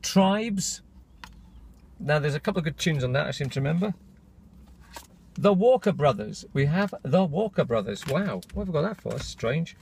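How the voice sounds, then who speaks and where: A man's voice: fairly high pitch, expressive, moderate pace, vocal fry, pauses often, darkish tone, slight background noise. A man chatting casually to his camera in a rambling, self-interrupting way. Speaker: vlogger.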